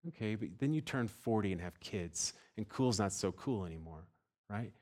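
Conversational man preaching, low voice. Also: expressive, normal speed. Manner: conversational preaching, many asides and "right?" tags; drops to a soft low voice for tender points. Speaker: pastor. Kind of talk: sermon.

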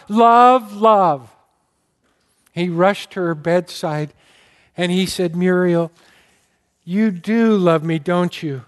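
During a sermon, a pastor whose voice sits fairly high shares heartfelt stories with his congregation, sometimes choking up with emotion. He lets his delivery climb and drop to stress important words.

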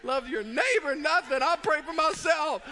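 A man who is a pastor, telling a funny story in a sermon as an animated storyteller who laughs through the tale. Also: very high voice, moderate pace, slight background noise.

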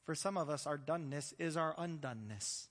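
A man with a high, light voice preaches to his congregation in an easygoing, conversational way. He breaks into joking asides and acts out bits of everyday talk. His voice rings with the long reverb of a church hall. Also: a little fast, fairly bright tone. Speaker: pastor. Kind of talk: sermon.

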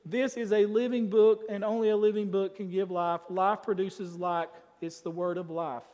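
A man preaching a sermon as pastor, emphatic, swinging between loud declarations and quiet asides. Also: high-pitched, little pitch movement, moderate pace, in a large hall.

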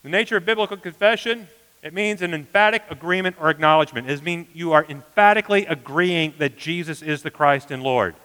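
A man preaching a sermon as pastor, earnest, often dropping to a hushed emphasis. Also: fairly high pitch, brisk, clear, resonant tone, long reverb tail, rough recording.

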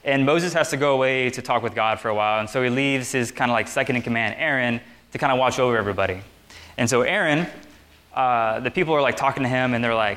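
A young man preaching a casual sermon to a group seated on chairs. He talks in a relaxed, conversational way with lots of fillers. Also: mid-range voice, quick pace. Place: meeting room with chairs.

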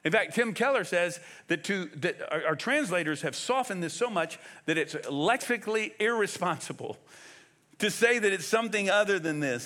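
Male pastor preaching, high lively voice, bright forceful tone, emphatic, rhetorical questions. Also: moderate pace. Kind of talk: sermon.

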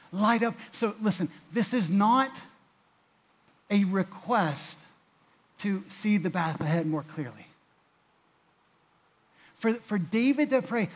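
A man delivers a sermon at an unhurried pace in a fairly high voice. He preaches earnestly, repeating words and restarting phrases, and his voice rises and swells when he voices a plea. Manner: rises louder and higher when voicing the psalmist's pleas. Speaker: pastor.

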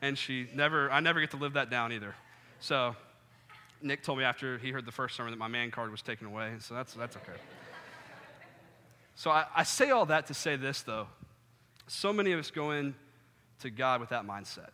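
A young man preaching a sermon, telling funny stories and acting out scenes with sudden loud outbursts. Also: medium pitch, fairly quick, pauses often. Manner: animated, jokey, acts out scenes with sudden loud bursts. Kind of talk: sermon with storytelling. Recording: long hall reverb.

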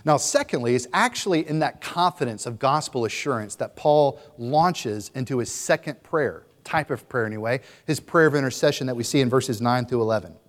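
A young man delivers a sermon to his congregation in a mid-pitched voice. He moves between relaxed, filler-laden asides and passionate, rising recitations of scripture. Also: a little fast, hardly any pauses, big-room sound. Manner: animated preaching, voices scripture passages with rising intensity. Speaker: pastor.

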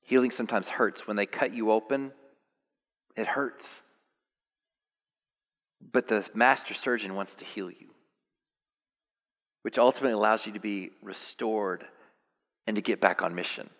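A man preaching a sermon, animated and building to high, excited peaks. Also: unhurried, long pauses. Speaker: pastor. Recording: long hall reverb.

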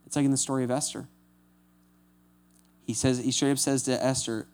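A male pastor giving a conversational sermon. He makes casual asides like "right?" and acts out scripture quotes in lively voices. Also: medium pitch, normal speed, pauses often.

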